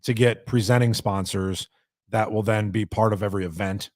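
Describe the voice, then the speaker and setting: A man's voice: on the low side, fairly even intonation, normal speed, darkish tone, no room sound, clean studio sound. A man hosting a live show, chatting casually, crude and joking, swearing freely. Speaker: podcast host.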